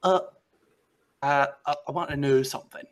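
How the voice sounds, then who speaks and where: A man's voice: medium pitch, moderate pace, lightly acted. A man voicing an eager, talkative young male wanderer who jabbers constantly.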